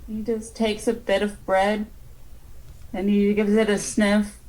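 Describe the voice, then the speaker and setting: A woman's voice: mid-range voice, little pitch movement, slow pace, a little mellow, poor audio. A woman playing a tabletop game, joking and rambling playfully as she describes her character's actions. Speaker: player. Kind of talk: tabletop role-play.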